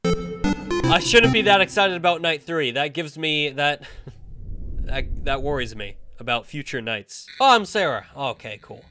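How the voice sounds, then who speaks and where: A young man giving casual let's-play commentary, chatting to the game characters and breaking into excited shouts. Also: fairly high pitch, normal speed, faint music behind. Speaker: gameplay commentator.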